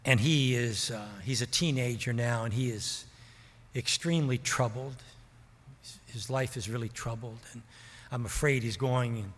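A middle-aged man preaching a sermon as a pastor, telling a story in an earnest way and slowing down to stress key points. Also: medium pitch. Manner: earnest, slows down for emphasis. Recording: reverberant hall.

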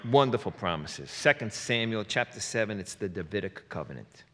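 A man's voice: lowish voice, lively intonation, normal speed, a bit bright. A man preaching a sermon in a conversational way, with joking asides and playful rhymes. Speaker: pastor. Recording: long hall reverb.

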